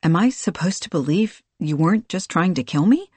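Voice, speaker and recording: A narrator voicing a wary exiled female warrior who talks back in a sharp, challenging way in an audiobook. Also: lowish voice, lively intonation, moderate pace, breathy edge, no room sound. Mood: wary, defiant.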